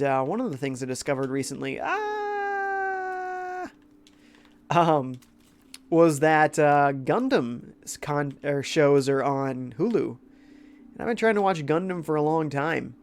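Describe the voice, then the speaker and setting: A man's voice: a little high, sing-song, a little slow, gravelly. Stuffy-voiced man streaming a game. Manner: laid-back, reads chat aloud. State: congested from a cold. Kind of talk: casual gameplay commentary.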